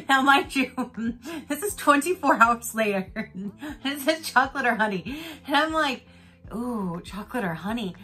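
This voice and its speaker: Bright, giggly woman unboxing on camera. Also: sits high. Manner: chatty and giggly, retells stories with lots of laughter. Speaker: unboxing vlogger. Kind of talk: casual unboxing chat. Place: home in Florida.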